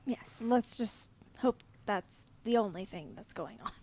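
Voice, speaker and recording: A woman's voice: mid-range voice, unhurried, a little mellow. A woman playing a tabletop game, speaking awkwardly and hesitantly in character. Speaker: player. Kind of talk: casual in-character banter.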